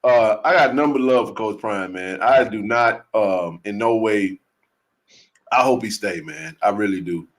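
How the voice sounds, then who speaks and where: A man's voice: fairly low pitch, measured pace. A man hosting a casual live sports chat. He talks animatedly, repeats himself and laughs often. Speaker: podcast host.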